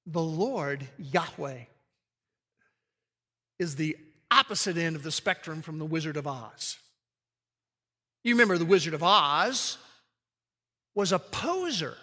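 Male preacher, slow and dramatic, loud proclamations dropping to hushed emphasis, long hall reverb. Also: on the high side, expressive. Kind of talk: sermon.

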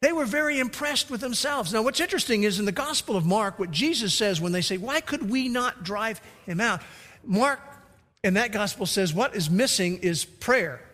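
A man's voice: high voice, expressive, moderate pace, bright, forceful tone. A man preaching a sermon as pastor, emphatic, acting out the quoted lines. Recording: reverberant hall.

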